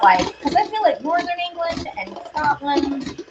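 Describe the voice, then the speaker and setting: Chatty woman baking, slightly high voice. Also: animated, normal speed, lo-fi sound, background noise. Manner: chatty, rambling, talks to viewers and pets. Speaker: baking show host. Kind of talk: casual livestream chat while baking. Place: home kitchen.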